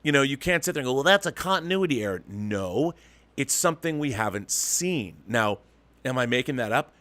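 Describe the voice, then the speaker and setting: A man's voice: medium pitch, animated, moderate pace, fairly bright tone, no room sound. Emphatic man ranting, dry close mic. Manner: emphatic, ranting, with frequent restarts. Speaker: show host. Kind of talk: opinionated commentary monologue.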